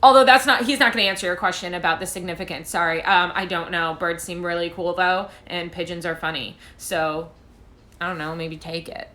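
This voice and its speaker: A woman's voice: lowish voice, steady tone, fairly quick, sharp tone. A woman tarot reader chatting casually on a phone live stream, rambling and self-deprecating as she answers viewer questions. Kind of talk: casual livestream chat.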